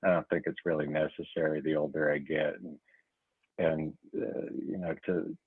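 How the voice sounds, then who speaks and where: A man with a Southern US accent speaking up in an online workshop, earnest and a bit halting, often repeating his words. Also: rumbling low, level tone, breathy edge, no echo. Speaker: workshop participant. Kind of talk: casual sharing in an online workshop. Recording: tinny phone-like video call audio.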